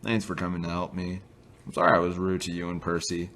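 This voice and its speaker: A man's voice: low-pitched, completely flat delivery, fast, a bit bright, slight background noise. A man voicing a cross, rude male steam engine in a toy train story. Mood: sorry. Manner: cross and snappish.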